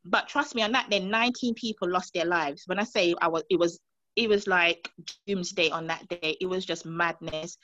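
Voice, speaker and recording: A woman's voice: on the low side, moderate pace, highs cut off. A woman from Montserrat telling an interviewer about a frightening day, acting out the voices of the people in her story. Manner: animated storyteller, acts out quoted voices. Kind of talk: emotional personal recollection.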